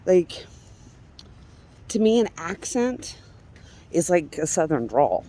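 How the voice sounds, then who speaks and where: A woman's voice: fairly low pitch, very animated, slow pace, warm tone. Chatty woman vlogging on a walk. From Colorado. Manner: chatty, laughs often, swears casually. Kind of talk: casual walking vlog. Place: outdoors on a residential street. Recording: faint street noise outdoors. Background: passing traffic.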